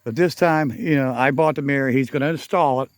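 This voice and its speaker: A man's voice: medium pitch, fairly quick, no echo. A middle-aged man chatting casually in a garage vlog outdoors, rambling and correcting himself with frequent chuckles. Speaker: garage channel vlogger.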